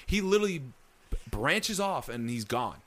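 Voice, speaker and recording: A man telling a story in casual chat, animated and acting out the lines he quotes. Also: on the high side, normal speed. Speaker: storyteller recounting a ghost encounter.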